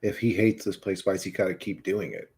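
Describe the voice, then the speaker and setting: In a low, darkish voice and a slightly fast delivery, a man hosting a live stream addresses his viewers directly. His rant is heated and full of swearing and mockery, and he responds to people in the stream chat.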